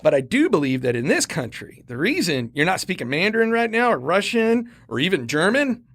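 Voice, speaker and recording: Middle-aged American man, Marine veteran type, gravelly and slightly high-voiced, animated podcast storyteller, dry close sound. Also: brisk, no echo. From United States. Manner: animated, repeats words while building up a story. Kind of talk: casual storytelling chat.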